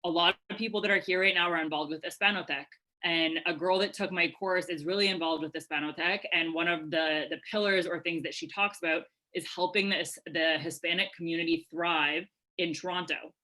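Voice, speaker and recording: Bright, chatty woman coaching a webinar. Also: fairly low pitch, brisk, low-quality recording. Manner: energetic, chatty, many fillers. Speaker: webinar presenter answering questions. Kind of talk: live webinar Q&A, casual coaching. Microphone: webcam video call.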